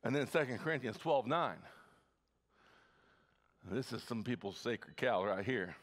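A pastor from the Midwest preaching a sermon in his church, energetic, with frequent stammered restarts. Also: medium pitch, measured pace. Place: church sanctuary.

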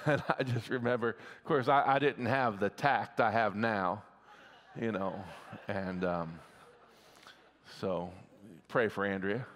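A man's voice: fairly low pitch, steady tone, takes it slowly, pauses often, fairly bright tone. A middle-aged man preaching a sermon as pastor, folksy and often checking in with the congregation. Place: church sanctuary. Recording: long reverb of a church hall.

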